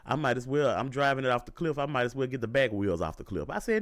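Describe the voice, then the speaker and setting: A young man, telling a casual storytime monologue in an animated, profane way, repeating lines for emphasis. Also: medium pitch, fast talker, few pauses.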